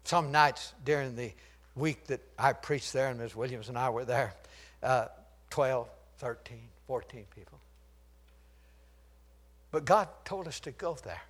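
An older man preaches unhurriedly in a medium-pitched voice, leaving long pauses. He alternates shouted declarations with hushed storytelling and chuckles at his own jokes.

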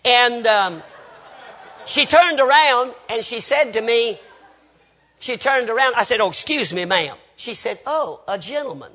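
Baptist preacher guy telling stories from the pulpit, high bright voice, acts out the back and forth. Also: expressive, unhurried. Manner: folksy anecdotal storytelling with quoted dialogue. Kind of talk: storytelling sermon.

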